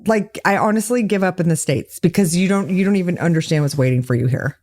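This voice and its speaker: A woman co-hosting a podcast, chatting casually with playful, quick-witted banter. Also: fairly low pitch, a little mellow. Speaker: podcast co-host. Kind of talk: casual chat.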